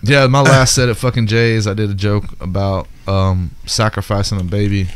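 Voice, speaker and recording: A man's voice: on the low side, normal speed, a little hiss or hum. A man co-hosting a podcast, telling crude comedy club stories with lots of profanity and acting out the people in them. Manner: profane, animated, acts out voices in his stories. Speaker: podcast co-host, stand-up comic. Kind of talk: crude comedic storytelling chat.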